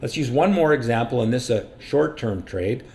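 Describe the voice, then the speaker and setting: A man of medium pitch talks through trading charts like a patient instructor, steady and matter-of-fact. His delivery is practical and unhurried, the voice of a regular educator walking viewers through a method on screen. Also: creaky. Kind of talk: screen-share market lesson.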